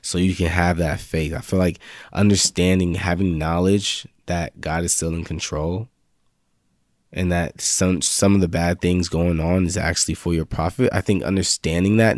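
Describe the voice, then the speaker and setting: A young faith vlog host gives a laid-back, slangy talk that builds into fervent spoken confessions. His voice is low and steady at a normal speed, recorded in studio quality with no room sound.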